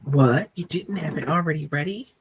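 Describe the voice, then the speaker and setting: A woman's voice: low voice, moderate pace, crowd noise. A woman co-hosting a livestream, chatting casually and teasing the others playfully. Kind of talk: casual live-stream chat.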